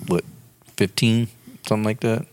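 A man's voice: on the low side, steady tone, normal speed, a little mellow, smooth. A man co-hosting a podcast in casual, crude banter, joking and laughing often. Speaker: podcast co-host.

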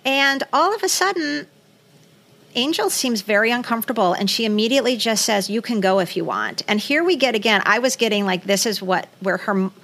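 A woman's voice: on the high side, a little fast. Chatty woman recapping a film. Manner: animated scene-by-scene retelling. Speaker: podcast co-host. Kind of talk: casual film discussion.

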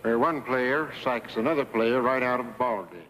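A man's voice: medium pitch, normal speed, a bit bright, natural voice, rough recording. An actor playing a stern male basketball coach in a film clip, lecturing his players firmly. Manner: firm, lecturing. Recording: film clip with faint noise.

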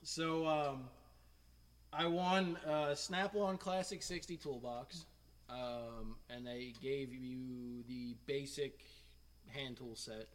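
A man's voice: medium pitch, slow, long reverb tail. A man from Pennsylvania hosting a podcast, telling a story casually and laughing often. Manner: animated, laughs often, acts out quoted dialogue. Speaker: podcast host.

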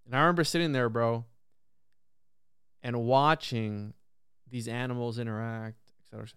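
A man in a casual podcast conversation, telling a story in an animated, profane way, full of "bro" and "like". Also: medium pitch, moderate pace, clear, resonant tone, no echo, clean studio sound. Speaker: podcast guest or host.

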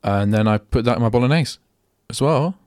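A young man hosting his own radio show talks fairly quickly in a medium-pitched voice with a darkish tone. His chatty, rambling delivery keeps interrupting itself mid-sentence. The studio-quality recording, made in a radio studio, has no room sound.

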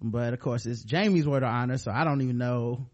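A man's voice: mid-range voice, brisk, dull audio. A man hosting a podcast, retelling a TV episode in casual, profane, joking chat. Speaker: podcast host.

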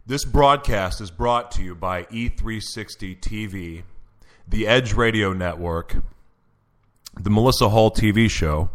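A man's voice: fairly low pitch, unhurried, fairly bright tone. A man hosting a live radio show from a studio, giddy and emotional, stumbling over his intros.

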